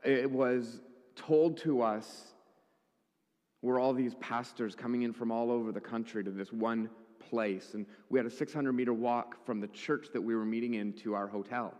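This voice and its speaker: A man's voice: mid-range voice, steady tone, normal speed, a little mellow. A male pastor preaching a sermon, telling a story with wry humorous asides. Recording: echoey hall.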